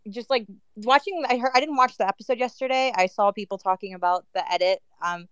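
Clear-voiced woman, heated and rambling. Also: medium pitch, a little fast, fairly bright tone, no echo. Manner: heated, with frequent "like" and "um" fillers. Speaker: guest speaker. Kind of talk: casual audio chat-room discussion.

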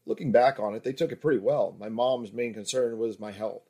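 A man's voice: mid-range voice, a little fast, a little mellow, breathy edge, lightly acted. Man voicing a frank, confident female escort. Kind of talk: erotic story reading.

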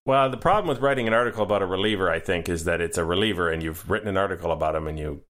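A man with a fairly low-pitched voice co-hosts a casual sports podcast. He talks in a wry, joking way, drifting into rambling asides before getting back to the point. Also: very fast, a bit bright. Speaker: podcast co-host.

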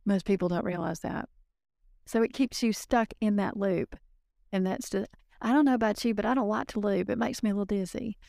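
A woman guest on a podcast, telling client stories in a lively, casual way and acting out the voices of the people she quotes. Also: medium pitch, a little fast, vocal fry, dry recording, studio quality. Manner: animated storyteller, acts out quoted voices. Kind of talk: casual interview storytelling.

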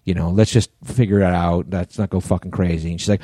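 Low, mellow man telling a story. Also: fast, hardly any pauses, slightly rough, dry recording. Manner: profane, animated storyteller acting out both sides of a quarrel. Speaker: podcast co-host. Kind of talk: casual storytelling chat.

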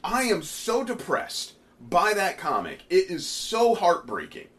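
A man with a somewhat high voice hosts a casual comic review show. His pitch swings widely as he rants in exasperation. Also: measured pace. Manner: animated, exasperated ranting. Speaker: comic book podcast host.

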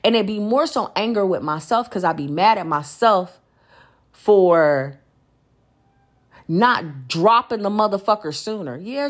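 A woman talks straight into her podcast mic. She vents in a blunt, profane, emphatic way, telling her stories with no filter. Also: medium pitch. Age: adult. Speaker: podcast host. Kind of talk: candid solo podcast venting.

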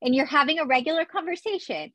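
A woman's voice: sits high, bright, forceful tone, dry recording. Chatty woman co-host, dry close sound. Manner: playful, chatty, quick to laugh. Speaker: podcast co-host and pageant judge. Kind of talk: casual podcast chat.

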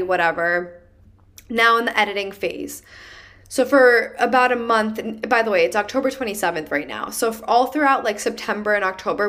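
A young woman hosts her own podcast and chats through a personal story. She talks in an animated, easygoing way, with lots of "like" along the way, and her pitch sits in an ordinary middle range. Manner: chatty and animated, heavy use of "like". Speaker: podcast host.

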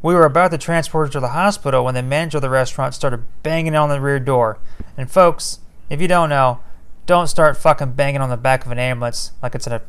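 A man with a mid-range, smooth and clean voice tells a story from his work as an EMT. He speaks casually and conversationally, turning to his listeners with blunt, profane asides. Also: mid-range voice, fast talker, fairly bright tone. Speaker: EMT telling a call story.

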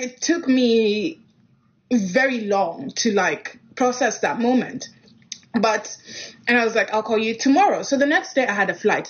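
A young woman from Kenya tells a personal story in a casual way. She is animated and acts out the dialogue. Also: a little high. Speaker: guest telling a personal story. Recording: dull lo-fi recording.

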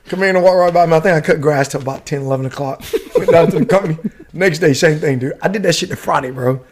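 Fast-talking profane storyteller man. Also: on the high side, a little mellow. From United States. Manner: profane, laughing, slangy with dude and bro. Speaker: guest, retired Army warrant officer. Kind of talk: casual storytelling.

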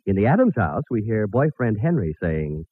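A man's voice: on the low side, sing-song, moderate pace, no room sound. A man announcing and narrating a 1940s radio comedy in a showy style, on a tinny old broadcast. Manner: smooth, showy announcer delivery.

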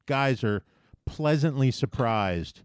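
A man's voice: mid-range voice, lively intonation, slow pace, clear, resonant tone, no echo, clean studio sound. Man ranting through a profane anecdote. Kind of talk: casual chat, storytelling.

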